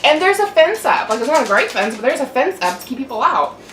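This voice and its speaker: This young adult woman, a mukbang vlogger, vents in a chatty, annoyed way, peppering her talk with swearing and "like." She speaks fast in a high, sing-song, somewhat bright voice, with roomy echo, a far-off mic, and faint hum.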